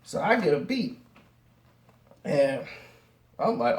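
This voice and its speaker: A man telling a street story with big swings in his voice, sitting fairly high for a man, and the sound bounces around a roomy space. He talks in slang, throws in laughs and acts out each person in the tale. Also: slow, long pauses. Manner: lively, slangy, laughing asides, acts out every voice. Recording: roomy echo.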